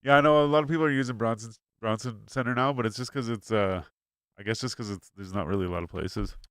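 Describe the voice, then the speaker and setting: A man's voice: medium pitch, fast, fairly bright tone, no echo, clean studio sound. A young man, co-hosting a podcast in casual chat, rambling and swearing with lots of fillers. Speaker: podcast co-host. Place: home studio.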